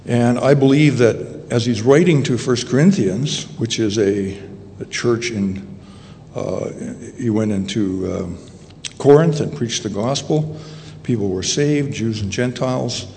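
A man with a gravelly, mellow and fairly low voice delivers a sermon, pausing and restarting as he searches for words. His voice carries a long echo from the hall, with a faint ambient hiss underneath. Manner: halting, searching for words, with many fillers and restarts. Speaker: preacher.

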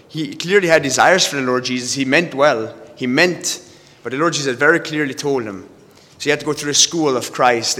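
A man preaching a sermon, halting and restarting often as he quotes scripture. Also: mid-range voice, a bit bright. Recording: long hall reverb.

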